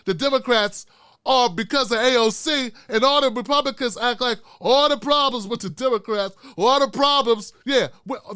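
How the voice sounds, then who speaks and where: A man's voice: extremely high pitch, bright, forceful tone, clear, resonant tone, dry recording, clean studio sound. A man hosting his own show, delivering a heated political commentary rant full of constant swearing. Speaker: host.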